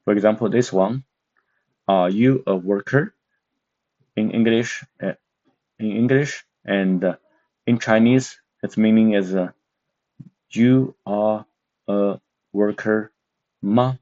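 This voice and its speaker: A man with a very low voice teaches a language lesson at an unhurried pace. He explains step by step and pauses often to search for words. The recording sounds dull and muffled. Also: a little mellow. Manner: slow, careful, with many fillers and pauses. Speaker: Mandarin teacher.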